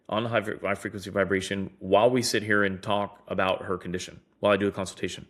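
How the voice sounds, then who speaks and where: A man's voice: on the low side, quick pace, few pauses. A man on a podcast casually telling patient stories, acting out what doctors said to him. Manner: animated storyteller acting out quoted doctors. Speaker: guest, device innovator. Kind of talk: casual storytelling in a podcast interview.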